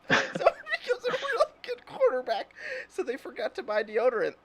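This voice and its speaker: A man's voice: very high-pitched, wildly swooping pitch, measured pace, a bit bright. A man hosting a casual chat, rambling through stories, laughing constantly and acting out silly imagined lines. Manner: giggly, rambling, laughs through his words. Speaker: host.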